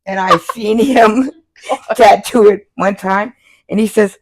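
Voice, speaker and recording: An older woman from Florida, a tattoo artist telling lively stories in an interview, laughing often and acting out the people she quotes. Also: mid-range voice, measured pace. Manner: animated, laughs often, acts out quoted voices. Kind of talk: casual storytelling interview.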